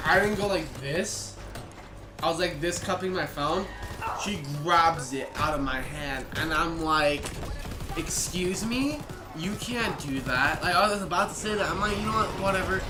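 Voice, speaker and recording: A young man telling a rambling storytime vlog and acting out people's lines in quick bursts. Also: sits high. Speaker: vlogger. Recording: echoey room, noisy ambience.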